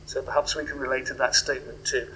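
A man preaching a sermon in a reflective way, moving between hushed questions and swells of emphasis. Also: medium pitch, little pitch movement, fast talker, a little hiss or hum, rough recording.

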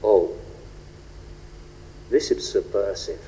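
A man preaching a sermon, rhetorical and animated, rising and falling for emphasis. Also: slow, a little hiss or hum. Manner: animated, rhetorical, shifts pitch and pace for emphasis. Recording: long reverb of a large hall.

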